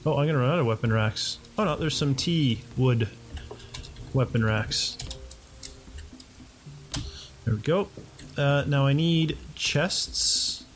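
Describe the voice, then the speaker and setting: A man's voice: medium pitch, slow pace, pauses often, slight background noise. Chatty man thinking aloud over gameplay. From North America. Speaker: let's play host. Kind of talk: casual gameplay commentary.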